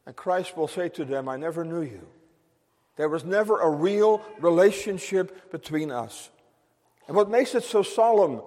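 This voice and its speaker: Addressing his congregation, a pastor preaches forcefully in a notably high, slightly mellow voice. He repeats lines for emphasis, and his words echo with long reverb through the church hall.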